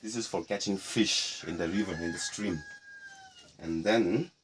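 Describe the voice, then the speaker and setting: A middle-aged man from Nagaland, guiding a casual tour of a heritage house in a relaxed, explanatory way with playful asides. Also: low-pitched, a little slow, slight background noise. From Nagaland, India. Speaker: tour guide.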